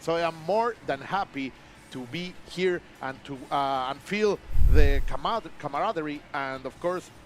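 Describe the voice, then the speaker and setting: A man commentating a fighting-game match, from Mexico, giving excited play-by-play and relaxed banter. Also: fairly high pitch, moderate pace, a little hiss or hum. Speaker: esports commentator.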